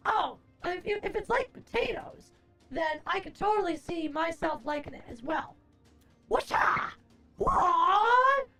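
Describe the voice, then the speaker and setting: A woman streamer chatting casually, answering chat aloud, groaning, swearing and expressive. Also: very high-pitched, unhurried, gravelly, faint music behind. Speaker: livestreamer.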